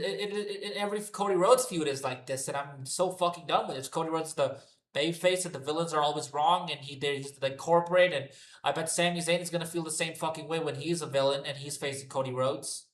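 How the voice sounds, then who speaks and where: A man's voice: on the high side, fairly even intonation, brisk, a bit bright, echoey room. A man giving an unscripted, profane and exasperated solo rant reviewing a wrestling show.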